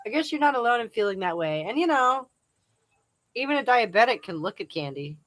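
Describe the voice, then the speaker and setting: A woman's voice: fairly high pitch, big pitch swings, brisk, a bit bright, poor audio. A woman hosting a live chat outdoors, casually reading viewer comments aloud and laughing often.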